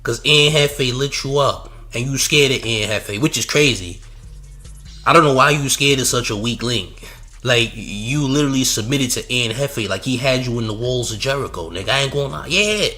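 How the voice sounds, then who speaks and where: Brash mocking man with a bright voice. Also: mid-range voice, normal speed, soft background music. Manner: mocking, trash-talking, repeats "champ". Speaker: commentary show host. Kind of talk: streamed reaction commentary.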